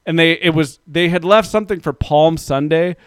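Man ranting about a neighbor, smooth voice. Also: a little high, normal speed, no room sound, clean studio sound. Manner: ranting, profane, gets heated and loud when recounting. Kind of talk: casual storytelling.

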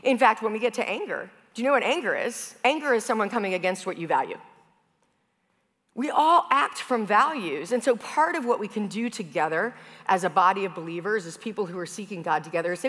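A woman's voice: mid-range voice, animated, fairly quick, fairly bright tone. A woman pastor giving a conversational sermon, telling stories in a chatty way with casual fillers. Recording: long hall reverb.

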